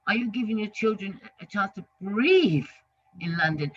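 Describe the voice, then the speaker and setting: A man talking in an animated, emphatic way in a casual discussion, often restarting his sentences. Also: high voice, moderate pace, slightly rough, no echo. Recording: dry, dull lo-fi audio.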